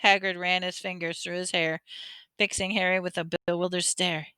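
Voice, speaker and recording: A woman reading a novel aloud with expressive storytelling and small slips, close to a dry mic. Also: lowish voice, normal speed, clean tone, no echo. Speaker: audiobook reader.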